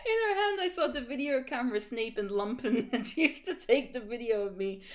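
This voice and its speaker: A woman streamer with a fairly high, lively voice reads fan fiction aloud on a livestream at a slightly fast clip. She giggles, hams up the melodrama, and stumbles over misspelled words.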